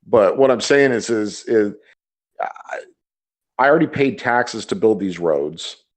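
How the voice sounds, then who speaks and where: Casting: male podcast co-host, low-ish voice, opinionated, stammers into his points. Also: expressive, unhurried. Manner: repeats words when starting sentences. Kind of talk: casual chat, opinionated rant.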